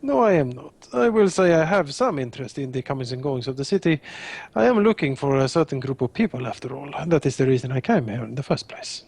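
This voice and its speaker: A man's voice: mid-range voice, lively intonation, quick pace, vocal fry, a little mellow, breathy edge. A tabletop player voicing Raphael, a courteous, honor-bound man, speaking formally with frequent hesitations. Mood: earnest.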